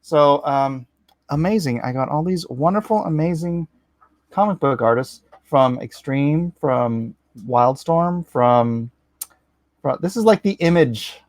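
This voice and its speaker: An excitable man hosts his own livestream, talking fast and enthusiastically as he pitches to viewers. His voice sits a little higher than usual and sounds dry and close. He rambles and keeps correcting himself as he goes. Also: no echo. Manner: excitable, rapid-fire, enthusiastic; rambling with frequent self-corrections. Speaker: comic artist hosting his own livestream. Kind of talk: casual livestream sales pitch.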